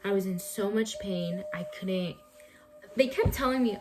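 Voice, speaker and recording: A woman's voice: mid-range voice, unhurried, music in the background. A young woman in a home vlog, recounting a personal story in a chatty, emphatic way and repeating words for effect. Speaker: vlogger.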